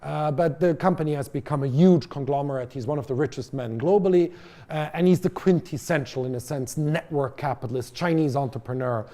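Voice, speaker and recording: A man's voice: a little high, a little fast, mellow. A man giving a college lecture to an audience in a conversational way, with fillers and restarts, sometimes asking the room questions. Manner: addresses audience directly with questions. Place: lecture hall.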